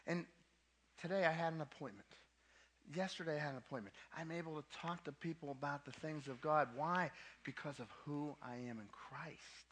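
A man's voice: fairly high pitch, normal speed, fairly bright tone. A man preaching a sermon to a young adult ministry, emphatic, with casual asides, and repeating his key points twice.

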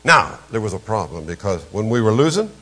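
An older man, preaching a storytelling sermon as a pastor, emphatic and jumping suddenly in pitch and volume. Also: big pitch swings, brisk, bright, forceful tone, breathy edge.

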